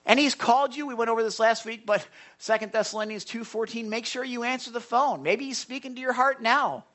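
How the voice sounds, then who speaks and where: Emphatic pastor preaching a sermon. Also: a little fast. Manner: emphatic, keeps saying "listen", reads scripture aloud; rises and falls sharply in pitch and loudness.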